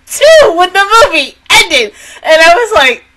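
A woman hosting a casual anime reaction review. She is excitable, swears a lot, and breaks into laughter and outbursts. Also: very high-pitched, a little slow, very noisy.

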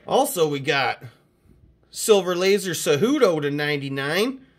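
A Canadian card-collecting host chats his way through a mail day, excited and hyped up and swearing throughout. He talks at a measured pace, his voice a little higher than most men's.

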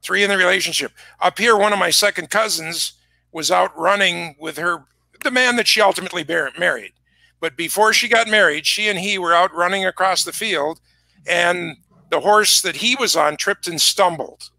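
A man's voice: high-pitched, moderate pace, gravelly, pushed and bright. A man hosting a casual online concert pre-show, chatting and telling rambling stories. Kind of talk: casual chat. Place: music shop.

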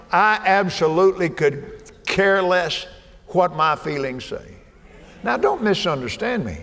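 An older man preaching a sermon in a folksy way, with joking asides and fervent, shouted peaks. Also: a little high. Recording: reverberant hall with faint ambience.

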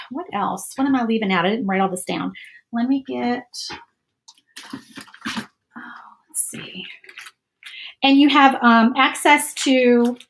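A woman's voice: fairly high pitch, fairly bright tone. A woman hosting a live crafting stream from her table, chatty and rambling with many fillers. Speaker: crafting channel host. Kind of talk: casual live crafting chat. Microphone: overhead camera setup.

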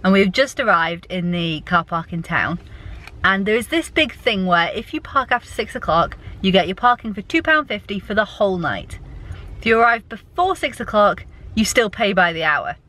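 A woman's voice: mid-range voice, lively intonation, normal speed, bright, forceful tone. A woman narrating a casual vlog from a car, explaining things in a matter-of-fact way. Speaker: vlogger.

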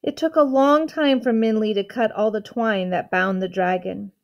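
A woman teacher reading a children's novel aloud, narrating in a calm, measured way. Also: medium pitch. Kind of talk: storybook read-aloud.

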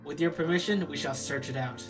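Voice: mid-range voice, fairly quick, close to an everyday voice. A streamer voicing Weiss, a haughty male talking magic book, with formal, commanding speech over faint guitar music. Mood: lofty. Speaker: streamer reading a visual novel.

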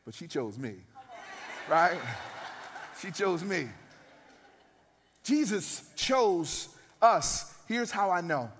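A man's voice: fairly high pitch, expressive, slow, pauses often, slightly rough, long reverb tail. A man in his thirties, a pastor, preaching a sermon with emphatic, rising peaks. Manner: emphatic, builds to loud peaks.

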